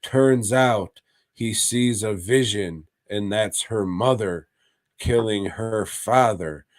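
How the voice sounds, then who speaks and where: Slow and lowish, this man co-hosts a podcast and gives crude, joking recaps of a horror anthology's episodes, laughing along in casual conversation. It's clean studio audio with no echo.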